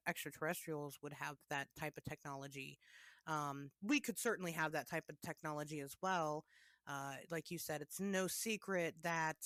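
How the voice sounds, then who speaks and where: A woman's voice: sits low, a bit bright, no echo, clean studio sound. A woman co-hosting a podcast, chatting casually and hesitantly, often restarting her sentences. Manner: hesitant, many fillers and restarts. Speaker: podcast co-host.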